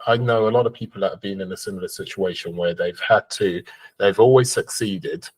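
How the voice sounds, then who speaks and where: A man hosting a podcast, calmly and steadily following up on his guest's story with a question. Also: lowish voice, fairly quick, husky. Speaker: podcast host. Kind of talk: interview questions.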